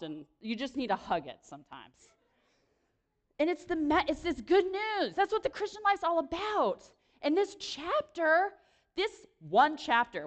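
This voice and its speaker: A young woman speaking to a room, giving a lively, chatty sermon full of quick self-deprecating asides. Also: a little high. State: pregnant. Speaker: speaker at a church or campus gathering. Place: room with an audience.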